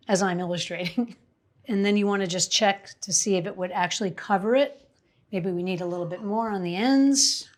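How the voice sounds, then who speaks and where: Woman in her fifties, cooking show host, rambling, chatty, mid-pitched voice. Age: 50s. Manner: chatty, rambling, laughs often. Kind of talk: casual cooking demonstration.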